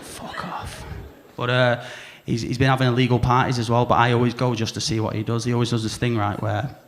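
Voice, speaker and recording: A young man with a Salford accent doing a rambling stand-up set, laddish and quick to mimic people. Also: mid-range voice, flat delivery, a little hiss or hum. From Salford, England. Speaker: new act comedian. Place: comedy club stage.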